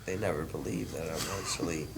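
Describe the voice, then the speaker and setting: A woman's voice: rumbling low, a little fast, gravelly, crowd noise. Blunt, brash woman in her forties. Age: 40s. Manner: blunt, brash, provocative humor. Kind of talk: casual podcast chat.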